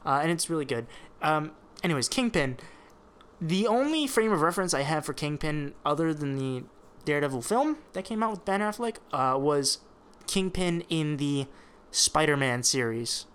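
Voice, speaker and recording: A man in an easygoing podcast chat, talking with lively energy and frequent swearing. His voice sits a touch higher than most men's, and he restarts his sentences often as he goes. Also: moderate pace, clear, resonant tone. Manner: animated, swears freely, many restarts. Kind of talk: casual chat reviewing a TV show.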